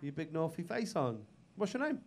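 A man's voice: on the high side, big pitch swings, normal speed. A male stand-up comedian doing crowd work on a club stage, teasing the audience with crude, cheeky banter.

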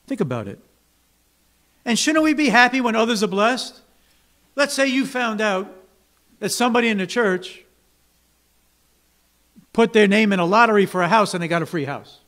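A man's voice: high-pitched, fairly bright tone. Conversational man preaching a sermon. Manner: conversational, asks the congregation "right?" often; acts out grumbling workers with raised voice. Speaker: pastor. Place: church sanctuary.

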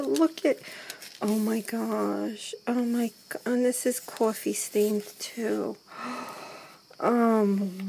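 Gushing woman with a gravelly, husky voice. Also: mid-range voice. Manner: gushing, gasping, breaks into soft whispers. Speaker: crafting vlogger. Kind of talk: excited unboxing chat to camera. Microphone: handheld camera mic.

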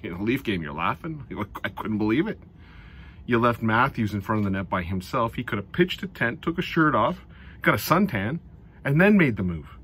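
A middle-aged man giving a casual recap of a hockey game, animated and sarcastic, often exasperated. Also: medium pitch, moderate pace, slightly rough. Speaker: hockey fan commentator.

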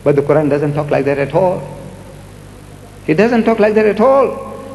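A man's voice: high voice, normal speed, creaky, long pauses. Older man speaking animatedly in an echoey hall. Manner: animated, rhetorical, repeats words for emphasis. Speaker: speaker answering audience questions. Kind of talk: public debate Q&A. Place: large lecture hall. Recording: echoey hall with faint music.

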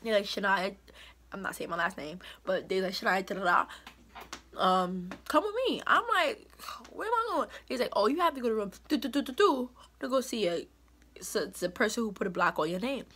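A woman's voice: medium pitch, expressive, fairly quick, a bit bright, husky. A young woman vlogger telling a storytime in an emphatic, indignant way. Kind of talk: storytime vlog.

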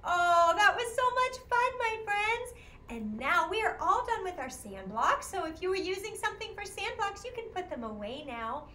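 A woman's voice: very high voice, big pitch swings, moderate pace, pushed and bright, slight background noise. A woman with a Midwestern American accent leading an interactive music class for small children, talking in an encouraging sing-song way and singing animal songs. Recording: echoey room, faint ambience.

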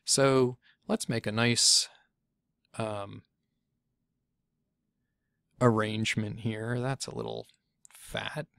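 Gravelly-voiced man narrating a casual screencast. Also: lowish voice, fairly even intonation, very slow, pauses often, a bit bright, dry recording, clean studio sound. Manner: chatty, thinks aloud, self-correcting. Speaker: software tutorial instructor.

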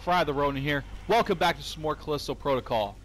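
A young man narrating a video game in a loose, joking way, swearing freely as he plays. He talks around a cough drop in his mouth, and clear game ambience hums behind his voice. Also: a little high, fast talker, fairly bright tone, slight background noise. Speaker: gaming channel host. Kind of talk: casual let's-play commentary.

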